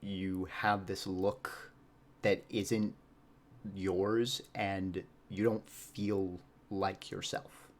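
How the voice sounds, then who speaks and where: Rambling low-voiced male stage actor. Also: little pitch movement, drawn-out words. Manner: rambling and reflective, many fillers and laughs. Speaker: podcast guest, stage actor. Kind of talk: casual podcast chat.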